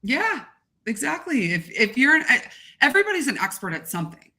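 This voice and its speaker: A gregarious, expressive woman talking casually as a podcast guest. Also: sits high, brisk. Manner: gregarious, animated, expressive talker. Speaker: guest content creator.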